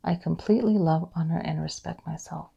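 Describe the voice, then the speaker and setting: Woman, tapping instructor, gentle guided affirmations, husky fry in the voice. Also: low-pitched, fairly quick, muffled recording.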